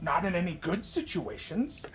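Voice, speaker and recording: A player in a tabletop horror game complains in a wry, blunt way. The pitch moves around a lot. Faint background noise can be heard. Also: very animated, normal speed. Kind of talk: casual tabletop play.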